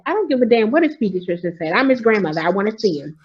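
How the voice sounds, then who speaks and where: A woman's voice: mid-range voice, expressive, racing, breathy edge, lo-fi sound. A grandmother from Maryland calling in to a talk show, telling her story in a frustrated, insistent way. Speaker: caller. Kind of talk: call-in talk.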